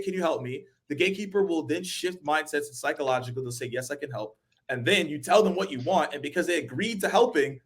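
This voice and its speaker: A man hosts a sales webinar in an animated, casual way. His voice sits a little high, and he slips into quoted voices to act out phone calls. He laughs easily. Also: slightly rough. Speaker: webinar host, sales trainer.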